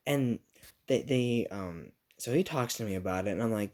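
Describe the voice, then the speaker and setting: A man's voice: on the low side, a little fast, darkish tone. A young man telling a rambling, profane, self-mocking story about his school days in a casual vlog.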